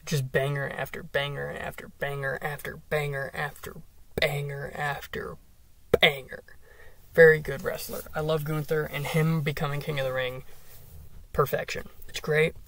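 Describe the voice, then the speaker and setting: A man's voice: a little high, flat delivery, moderate pace, vocal fry, fairly bright tone. A young man hosting a solo podcast, ranting enthusiastically with lots of swearing and filler words. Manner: enthusiastic, profane, rambling with fillers. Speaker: podcast host. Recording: dry, a bit far from the mic.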